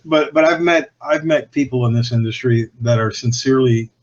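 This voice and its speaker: With frequent restarts and trailing sentences, this podcast guest rambles candidly and profanely through casual cigar-industry anecdotes. His medium-pitched voice moves at a brisk clip, and the recording has its highs cut off.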